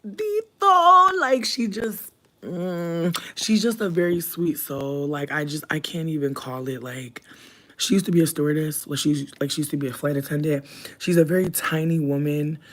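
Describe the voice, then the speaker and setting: Chatty, profane young streamer. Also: normal speed. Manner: chatty, profane storytelling with sudden loud high outbursts. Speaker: livestreamer reading chat. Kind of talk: casual livestream chat.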